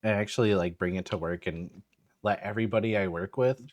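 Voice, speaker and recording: A man's voice: lowish voice, steady tone, fairly quick, dry recording, studio quality. A man hosting a podcast, chatting casually and laid-back, saying "dude" often. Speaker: podcast host. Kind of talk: casual chat.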